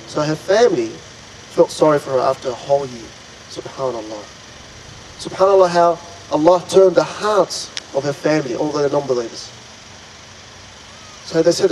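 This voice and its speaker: A man tells a religious story to listeners in a somewhat high voice, earnest and dramatic, often stopping to marvel aloud. A faint hum of air conditioning sits behind him. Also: lively intonation, moderate pace, pauses often, darkish tone, rough recording. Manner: earnest, dramatic, frequent pious exclamations. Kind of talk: retelling an Islamic story to an audience.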